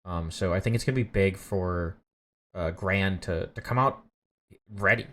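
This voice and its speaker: A man's voice: deep voice, unhurried, fairly bright tone. A man casting an esports match live, rambling with many fillers and restarts, flustered by technical trouble. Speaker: esports caster. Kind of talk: live play-by-play commentary.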